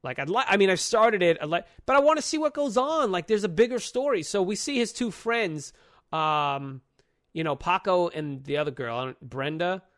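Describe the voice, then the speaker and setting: Animated, swearing young man reviewing comics. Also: high-pitched, normal speed, no room sound, clean studio sound. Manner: profane, animated, acts out characters' lines. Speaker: podcast co-host. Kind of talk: casual comic book review chat.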